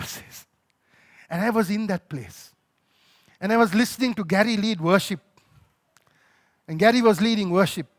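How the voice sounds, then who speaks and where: Sri lankan pastor guy, pretty high voice, preaching, gets loud and pleading then goes real quiet. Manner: emotional storytelling, swinging from loud pleading to quiet. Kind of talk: sermon.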